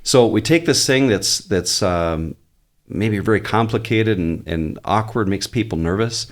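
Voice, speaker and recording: Speaking a little slowly, a male pastor with a notably low voice gives a relaxed podcast interview. His manner is earnest and conversational, with easy humor, and he thinks aloud at length, often looping back to restart what he's saying.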